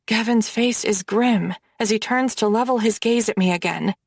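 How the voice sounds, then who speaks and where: A woman reading a dark romance audiobook in first person, with dramatic storytelling. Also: a little high, normal speed, vocal fry, dry recording, clean studio sound. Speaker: audiobook narrator.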